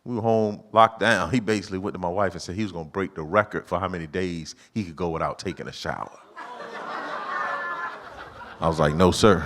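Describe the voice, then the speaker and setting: Middle-aged guy doing stand-up, lowish voice that jumps way up when he acts out talking to his kids. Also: fairly quick, long pauses, a little hiss or hum. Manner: animated storytelling, acting out his own lines in a higher voice. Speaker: stand-up comedian. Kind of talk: stand-up comedy set. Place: church auditorium with live audience.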